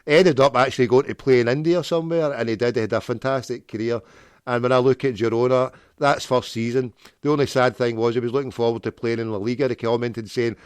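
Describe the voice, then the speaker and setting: A man hosting his own prank call show, talking at an ordinary middle pitch. He wanders off on tangents and tosses in jokey wordplay as he goes. The sound is close and dry, with no room around it. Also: steady tone, fast talker, clean tone, no echo. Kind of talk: rambling solo talk with prank calls.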